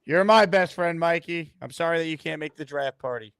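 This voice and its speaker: A man's voice: fairly high pitch, brisk, creaky, fairly bright tone, clear, resonant tone, no echo, studio quality. A man hosting a sports call-in show, taking calls with upbeat, dryly joking patter. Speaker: host.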